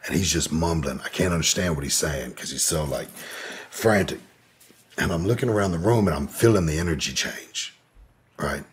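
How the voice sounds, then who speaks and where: A man's voice: rumbling low, moderate pace, slightly rough. A man telling a personal story in an interview, in a laid-back, rambling way, with lots of "you know". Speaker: podcast guest.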